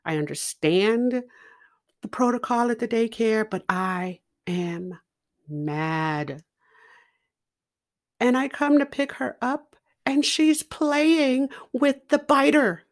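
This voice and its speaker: A middle-aged woman telling a personal story in a slow, deliberate and expressive way, laughing now and then. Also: fairly high pitch. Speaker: podcast guest speaker.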